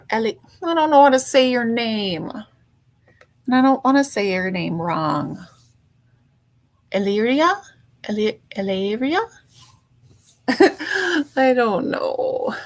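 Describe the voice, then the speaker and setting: Slow-talking woman livestreamer. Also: on the high side. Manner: chatty, greets viewers warmly by name, playful. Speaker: livestream host. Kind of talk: casual livestream chat greeting viewers.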